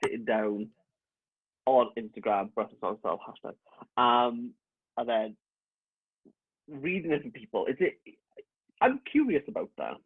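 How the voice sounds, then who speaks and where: A man's voice: medium pitch, lively intonation, a little slow, pauses often, breathy edge, no echo. A man hosting a casual chat over a video call, teasing and a little hesitant. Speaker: host. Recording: tinny, dry phone-like line.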